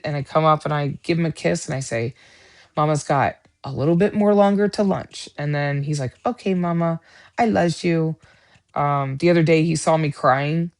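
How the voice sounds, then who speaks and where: A middle-aged woman hosting a livestream Bible study, talking in an earnest, rambling casual chat with many fillers. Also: sits low.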